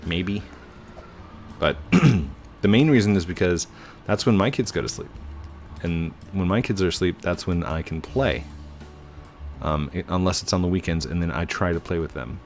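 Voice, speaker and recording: A man in his thirties giving casual, chatty commentary while gaming, excitable and breaking into high squeals. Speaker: YouTuber.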